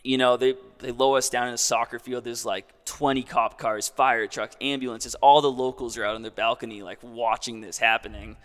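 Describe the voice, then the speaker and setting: A man's voice: medium pitch, fairly even intonation, a little fast, few pauses, fairly bright tone, in a large hall. A young man casually telling a long story as a guest, in a laid-back way full of "like".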